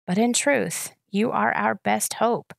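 A woman voicing a reluctant, measured elder man. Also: mid-range voice, creaky, no room sound, studio quality.

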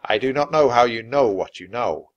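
A man's voice: medium pitch, lively intonation, moderate pace, muffled recording, natural voice. A man reading aloud as a grave, commanding general in a children's storybook, speaking in a solemn, declaiming way.

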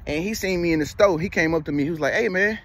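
This motivational vlogger, a man in his thirties, speaks at a fairly high pitch and a racing pace. His advice is casual but preachy and repetitive, and he keeps checking in with "you feel me."

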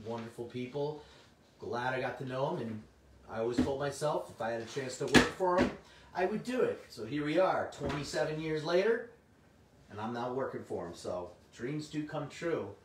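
A middle-aged man, slightly hoarse, hosting a comic shop livestream in casual, chatty talk and answering viewers' comments. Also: mid-range voice, expressive, normal speed. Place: indoor room. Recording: roomy, distant mic, faint noise.

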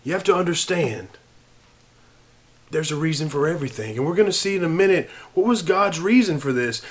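A man preaching an evening sermon and reading scripture, earnest, moving between hushed and raised passages. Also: sits high, expressive, moderate pace.

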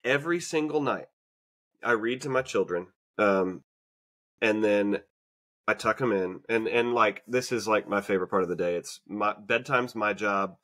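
A man's voice: on the low side, moderate pace, a bit bright. A man co-hosting a podcast, talking in a casual, reflective way with many fillers and restarts. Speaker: podcast co-host. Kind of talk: casual conversation.

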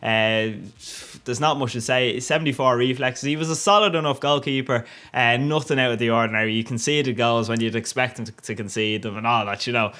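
Over footage of a football video game, a gaming YouTuber riffs in a brisk, medium-pitched voice that's bright and forceful. His commentary is cheeky and casual, loaded with crude jokes and frequent laughter.

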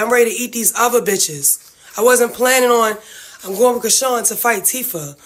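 A woman's voice: fairly high pitch, fairly bright tone. A woman venting to her livestream viewers about family feuds, blunt, profane and heartfelt. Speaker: reality-TV family member livestreaming.

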